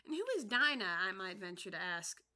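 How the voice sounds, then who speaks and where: A woman's voice: medium pitch, expressive, fairly quick, pushed and bright. A woman voicing a prim, curious Lory bird in a storybook reading. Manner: prim and inquisitive.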